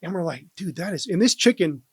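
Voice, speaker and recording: Guest storyteller: lively man, high-pitched, dry close mic. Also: brisk, breathy edge, no echo. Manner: animated, laughs while telling. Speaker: guest, former police officer. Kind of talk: casual storytelling.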